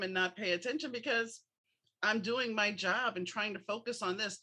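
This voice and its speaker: A woman's voice: mid-range voice, fairly quick, sharp tone. A woman hosting a podcast, chatting frankly in a casual interview and drawing on her own stories. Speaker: podcast host.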